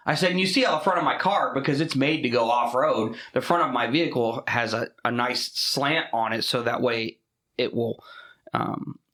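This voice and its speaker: A man co-hosting a casual podcast, telling profane, animated stories about driving and his daughter. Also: medium pitch, moderate pace, reverberant. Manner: profane, animated storytelling with laughs. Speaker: podcast co-host. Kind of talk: casual chat.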